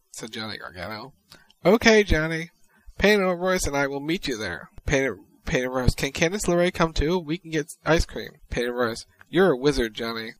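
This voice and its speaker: A man's voice: medium pitch, fairly bright tone, no room sound, low-quality recording. A man co-hosting a podcast, casually reading social media posts aloud. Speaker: podcast co-host.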